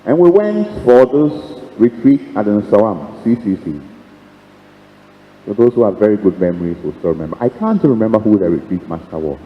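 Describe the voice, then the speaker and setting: A man's voice: lowish voice, sing-song, moderate pace. A man, a priest, giving a retreat talk with humor, acting out the dialogues he tells and chuckling along the way. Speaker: priest preaching a retreat conference. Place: seminary hall. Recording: echoey hall, dull lo-fi sound.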